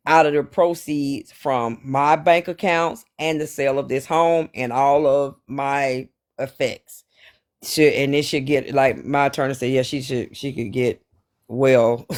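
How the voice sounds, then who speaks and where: Casual slangy guy, tells stories animated and loud, kinda high pitched. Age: 40s. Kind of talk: casual chat.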